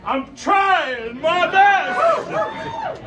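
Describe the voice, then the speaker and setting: A man from Chicago hollers at a packed club crowd with a very high, slow, unamplified voice. He stands far from the recorder in a roomy hall. A loud cheering crowd and noise fill the background. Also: wildly swooping pitch. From Chicago, Illinois. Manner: rousing, profane, joking, talks without a microphone. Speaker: emcee and opening musician. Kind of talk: shouted crowd address at a live show. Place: music club stage, indoors.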